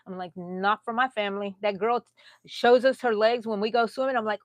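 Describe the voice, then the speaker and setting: A woman's voice: a little high, fast talker, no echo. Chatty middle-aged woman, dry close sound. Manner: chatty, laughs often, talks to viewers by name. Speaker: crochet vlogger. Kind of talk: casual live-stream chat.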